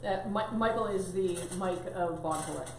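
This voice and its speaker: A woman's voice: lowish voice, moderate pace. A woman behind the camera reading viewer questions aloud in a brief, cheerful way. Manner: reads out viewer comments off-mic, brief and cheerful. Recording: off-mic in echoey room with noise.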